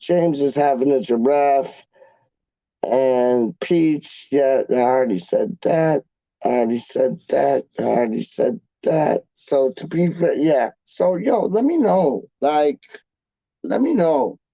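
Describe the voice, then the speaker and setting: A man's voice: medium pitch, lively intonation, slow, warm tone, no echo, rough recording. A young man hosting a fan channel, chatting casually to viewers in a rambling, slangy way that repeats itself.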